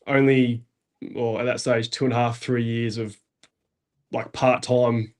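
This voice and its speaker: A man's voice: mid-range voice, little pitch movement, unhurried. A man speaking hesitantly and in a laid-back way as a guest in a casual interview.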